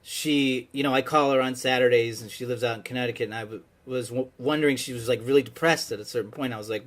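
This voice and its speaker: This comedy-sketch patient talks quickly with hardly any pauses, his mid-range voice keeping a fairly even intonation. Over a video call, he unloads rambling, exasperated stories on his therapist, and his voice climbs toward pleading.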